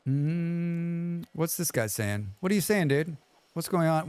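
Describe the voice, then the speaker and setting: A man's voice: a little high, expressive, takes it slowly, darkish tone, clear, resonant tone, no echo. Chatty male game streamer. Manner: chatty, muttering reactions and questions to the game. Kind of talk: casual gaming commentary.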